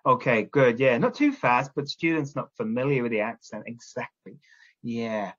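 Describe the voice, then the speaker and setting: A man's voice: medium pitch, animated, normal speed, dull audio. A man training teachers, explaining classroom drilling step by step and often checking in with "okay?". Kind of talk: instructional talk to teachers.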